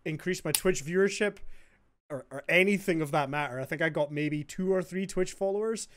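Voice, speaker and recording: A man hosting a podcast in casual chat, chatty and quick to laugh as he retells stories. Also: on the high side, fairly bright tone. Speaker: podcast host.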